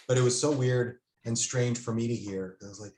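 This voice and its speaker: A man's voice: medium pitch, steady tone, a little fast, a little mellow. Hesitant man talking in an echoey room. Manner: hesitant, many fillers and restarts. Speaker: author and guest. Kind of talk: casual conversation. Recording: roomy echo.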